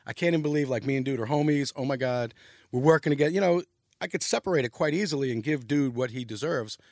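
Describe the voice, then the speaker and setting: A man's voice: mid-range voice, quick pace, dry recording, clean studio sound. A middle-aged man, telling rambling, profane stories as a podcast guest. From New York. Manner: animated, profane, rambling storytelling. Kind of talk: casual storytelling chat.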